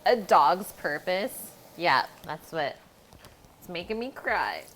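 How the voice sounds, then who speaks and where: A woman's voice: fairly low pitch, very animated, slow, a bit bright, faint music behind. A woman hosting a live cooking stream, chatting casually with her viewers as she cooks in a home kitchen. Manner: chatty, talks to chat while cooking. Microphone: streaming mic.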